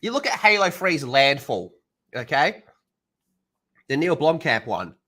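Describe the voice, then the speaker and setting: A man's voice: on the high side, sing-song, a little slow, pushed and bright. A man streaming alone, ranting heatedly with lots of swearing. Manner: heated, profane, sarcastic ranting. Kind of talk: livestream rant.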